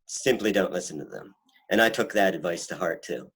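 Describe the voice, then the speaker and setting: Band member, male, fairly low voice, loose rambling storyteller who laughs a lot. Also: fairly quick, fairly bright tone, husky, low-quality recording. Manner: rambling, laughs often, restarts. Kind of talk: casual chat.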